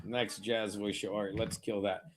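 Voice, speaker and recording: A man with a lowish, fairly flat voice speaks at a moderate pace over soft background music while hosting a betting watchalong stream of a game. Brash and mocking, he swears constantly, rambles, and teases viewers as he fiddles with his browser.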